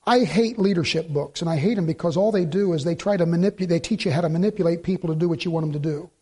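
A middle-aged male pastor with a notably high voice delivers a sermon. He is an animated storyteller who slips into the voices of the people he quotes and repeats his points for emphasis. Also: quick pace, breathy edge.

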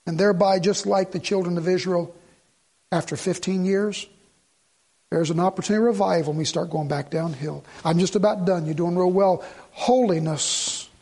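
High-voiced husky male preacher. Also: moderate pace, a little mellow. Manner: storytelling, rising to fervent emphasis. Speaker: pastor. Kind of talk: sermon.

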